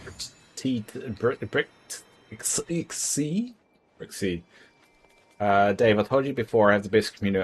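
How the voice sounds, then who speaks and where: A man's voice: lowish voice, expressive, measured pace, slightly rough. A man chatting casually on a livestream from home, rambling and tripping over his words as he reads out donations. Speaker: streamer. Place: home, indoors.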